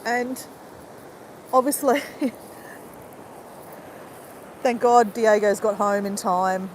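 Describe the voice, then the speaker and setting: Teary lady vlogging live outside, kinda high voice, rambly and upset. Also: extremely slow, slight background noise, low-quality recording. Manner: rambling, many fillers like "you know". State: tearful, crying. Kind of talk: emotional live-stream monologue. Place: outdoors on a walk.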